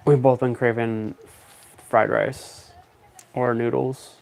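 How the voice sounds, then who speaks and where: A man chatting casually on a stream, rambling and thinking out loud in a relaxed way. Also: medium pitch, slow, gravelly. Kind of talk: casual chat.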